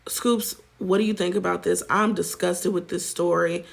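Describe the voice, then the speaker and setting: Gravelly and lowish, this woman's voice keeps a steady tone at normal speed. She's an American host of a celebrity gossip show, sassy and chatty, addressing viewers as "child" and "honey" in casual commentary.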